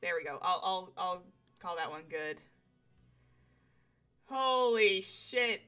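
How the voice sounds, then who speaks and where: A young woman streaming a game live from home on a desk mic, excitable, swearing freely and talking to her chat. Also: fairly low pitch, slow, faint music behind.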